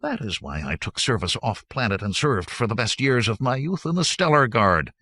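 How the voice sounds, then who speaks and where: A man's voice: mid-range voice, sing-song, normal speed, sharp tone, husky, no room sound, clean studio sound, exaggerated voice. A man reading a swaggering con man who passes himself off as a provincial nobleman, growling and boastful in a thick put-on accent, in an audiobook.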